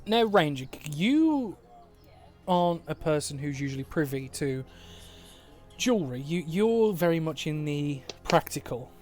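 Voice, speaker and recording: A man's voice: fairly high pitch, very animated, a little slow, a little mellow, soft background music. Man narrating as game master. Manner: descriptive, laughs readily, swears casually. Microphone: online voice call.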